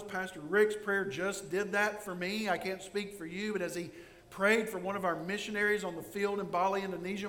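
Impassioned preacher in an echoey hall. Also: male voice, high voice, a bit bright. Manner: earnest, rising to impassioned outcries when voicing prayers. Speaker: pastor. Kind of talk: sermon. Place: church sanctuary.

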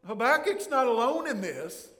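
A high-voiced male pastor delivers an earnest sermon that swells into impassioned outcries. His voice rings through a church sanctuary with a long, roomy echo. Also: sing-song, moderate pace, pushed and bright. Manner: earnest, rising to impassioned outcries when voicing prayers. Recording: echoey church hall.

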